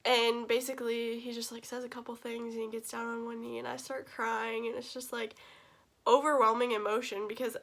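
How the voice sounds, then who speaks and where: A young woman talks straight to camera, her voice bright and a touch high. She gushes and runs on with fillers, on the edge of tears, and slips into fry at the ends of phrases. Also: level tone, fairly quick. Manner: gushing, emotional, many fillers. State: tearful. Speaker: vlogger. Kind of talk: casual storytelling to camera.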